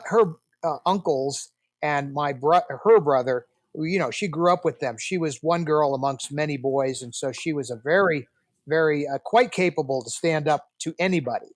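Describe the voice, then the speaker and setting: A man's voice: on the high side, dry recording, studio quality. A man in his sixties, a podcast guest who tells family stories and acts out the dialogue. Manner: animated storyteller, acts out quoted dialogue. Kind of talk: storytelling interview.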